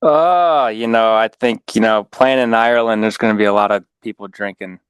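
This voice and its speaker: A man newly joining a sports betting podcast, speaking slowly and hesitantly. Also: lowish voice, clean tone, no room sound. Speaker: new podcast member.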